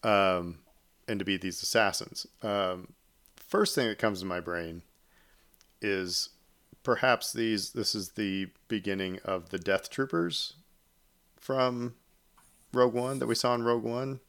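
A man's voice: lowish voice, fairly even intonation, unhurried, pauses often, fairly bright tone, clean tone. A man hosting a podcast, chatting casually and rambling with many fillers and restarts. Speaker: podcast host. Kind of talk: casual chat.

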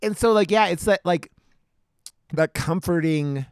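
A man co-hosting a casual podcast, energetic and joking, often tagging "right?" onto what he says. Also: high-pitched, measured pace, clean tone, dry recording, clean studio sound. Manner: joking, energetic, with frequent filler questions. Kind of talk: casual chat.

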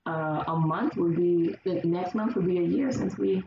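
A woman guest in casual conversation, telling her stories lively and acting out the people she quotes. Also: on the low side, moderate pace, vocal fry. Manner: animated storyteller acting out quoted voices. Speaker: podcast guest. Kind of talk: casual chat. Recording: roomy, distant, dull sound with faint hiss.

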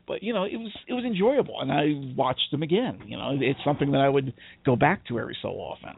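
Man, podcast co-host, casual rambling chat, profane, gravelly, phone-like dry sound. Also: medium pitch, lively intonation, fast, few pauses, no room sound. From United States. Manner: rambling, profane, laughs often.

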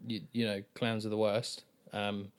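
Blunt, sweary podcast co-host. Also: male voice, on the low side, little pitch movement, measured pace, clean tone. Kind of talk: casual podcast chat.

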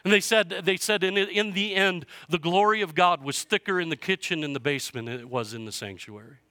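A male pastor preaching to his church, his voice fairly high and bright. He swings from quiet, hushed stretches to loud, passionate declarations. The sound is close and dry. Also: fairly quick, no echo. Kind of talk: sermon. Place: church sanctuary.

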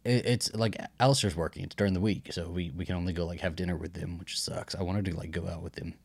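A man's voice: sits low, steady tone, fast, slightly rough, no room sound. A man co-hosting a podcast, chatting casually about a TV series in a laid-back, joking way. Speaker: podcast co-host.

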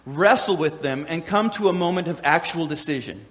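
A man preaching a sermon as pastor, animated and laughing often as he acts out the voices of crowds and quotes. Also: fairly high pitch, moderate pace. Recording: echoey hall with long reverb.

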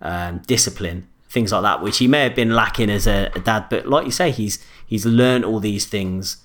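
A man's voice: on the low side, moderate pace, fairly bright tone. A man co-hosting a casual film review chat, often restarting and repeating words as he thinks. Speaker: podcast co-host.

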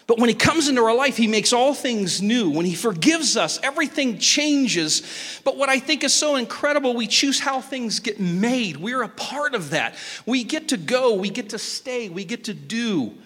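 A high-voiced, bright man in his fifties preaching a sermon with a lively, rising and falling delivery. He tells stories with a joking touch and sudden leaps in pitch. His voice rings out with a long echo from a large hall. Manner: animated, joking storyteller with sudden pitch jumps. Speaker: pastor.

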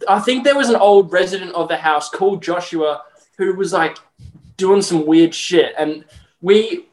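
A young Australian man co-hosting a podcast, telling a story in casual chat with lots of fillers and laughs. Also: high-pitched. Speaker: podcast co-host. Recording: roomy echo.

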